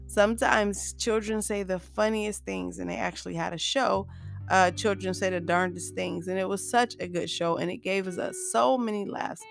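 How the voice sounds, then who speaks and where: A woman's voice: mid-range voice, steady tone, normal speed, creaky, soft background music. A woman hosting a solo motivational podcast, chatty and upbeat, often laughing as she talks to her listeners as "you guys". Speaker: podcast host.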